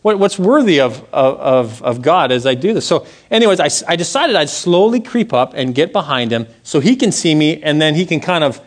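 A man stands before his church and preaches, weaving a story from his own week into the sermon. His voice sits somewhat high for a man and leaps up and down as he acts out what people said. He keeps it conversational, asking the room questions as he goes. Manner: animated storytelling, acts out quotes with big pitch jumps; conversational, asks the audience questions. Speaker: pastor.

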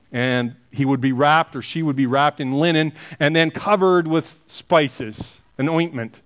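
A middle-aged man preaching to his congregation in a relaxed, conversational way. He teases his listeners with light jokes before turning to read and explain a passage of scripture. His voice sits notably high for a man. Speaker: pastor. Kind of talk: sermon.

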